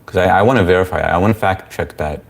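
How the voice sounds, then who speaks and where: Young male livestream host, low voice, loose and chatty, reads chat aloud. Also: fast talker, creaky. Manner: relaxed, chatty, reads viewer comments aloud. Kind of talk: casual live-stream Q&A.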